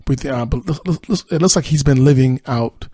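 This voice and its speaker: A man's voice: medium pitch, brisk, mellow, no room sound. A man hosting a podcast, casually recapping a TV episode in a chatty way with lots of fillers. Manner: chatty, many fillers, quotes characters in his own voice. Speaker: podcast host.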